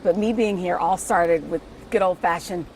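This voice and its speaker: Brief: woman from Kansas, TV interviewer, lowish voice, chatty and eager. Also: moderate pace, darkish tone, a little hiss or hum. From Kansas, USA. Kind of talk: casual interview.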